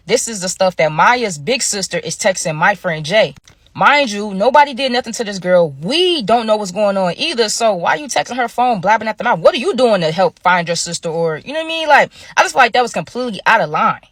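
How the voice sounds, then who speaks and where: A woman vlogger recounts a storytime in a casual, slangy way, talking straight to her viewers. Her voice sits at a middle pitch, recorded close and dry with no room sound. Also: expressive, brisk, fairly bright tone, no echo. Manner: chatty, slangy, addresses viewers directly.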